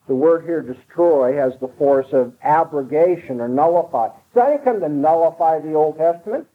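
A man's voice: on the high side, expressive, moderate pace, hardly any pauses. A man preaching an expository sermon, emphatic and driving his points home by repeating them. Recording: tinny phone-like broadcast sound.

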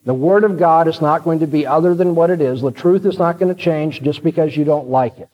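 A male preacher gives a sermon in a large hall, speaking earnestly and directly as he walks listeners through his point at a brisk pace. His voice sits fairly high. The recording comes across dull and lo-fi.

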